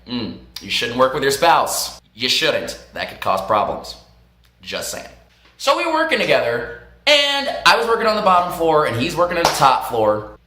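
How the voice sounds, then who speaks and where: Brief: lively vlogger, bright, sharp voice with big swings in pitch, recorded in a small echoey room. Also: moderate pace. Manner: animated, profane, laughs often mid-story. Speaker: vlogger telling a story. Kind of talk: casual storytelling vlog. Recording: roomy echo.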